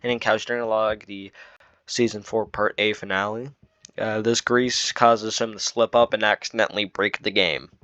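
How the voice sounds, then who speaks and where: A man's voice: lowish voice, steady tone, normal speed, pushed and bright, no room sound. A man giving casual commentary on his own video, rambling with lots of fillers and restarts. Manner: rambling, filler-heavy explaining. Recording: dull dry lo-fi mic.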